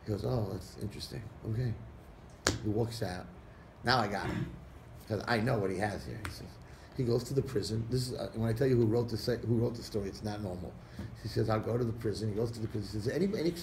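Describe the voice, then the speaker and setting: A man, a rabbi, telling a parable to an audience and acting out the characters' lines with lively shifts. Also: on the low side, quick pace. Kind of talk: storytelling talk to an audience. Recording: echoey room recording with faint background noise.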